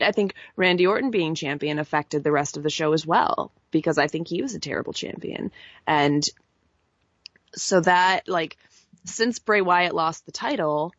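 Low-voiced woman talking wrestling, dull dry sound. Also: no room sound. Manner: measured, thinking aloud with many "like" fillers. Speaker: podcast co-host. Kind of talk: casual wrestling chat.

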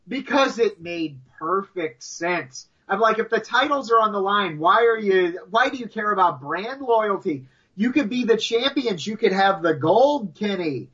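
Excitable, bright-voiced man on a lo-fi mic. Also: high-pitched, slightly rough. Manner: animated, shouts when retelling his reactions. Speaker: podcast co-host. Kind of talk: excited casual wrestling chat.

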